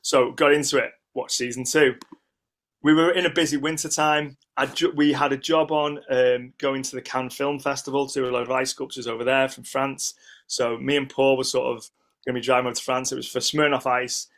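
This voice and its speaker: A middle-aged ice sculptor from the United Kingdom appears as a podcast guest, telling lively stories in a casual interview in an ordinary-pitched voice, a little fast. He rambles, restarts sentences and acts out what others said.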